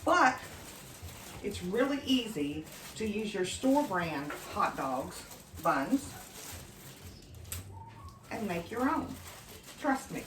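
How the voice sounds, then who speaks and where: A woman's voice: mid-range voice, very animated, slow pace, long pauses, fairly bright tone, distant mic, a little hiss or hum. Chatty woman cooking in a roomy kitchen. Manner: chatty, enthusiastic, talks to viewers as friends. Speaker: home cooking vlogger. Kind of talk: casual cooking demonstration. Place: home kitchen.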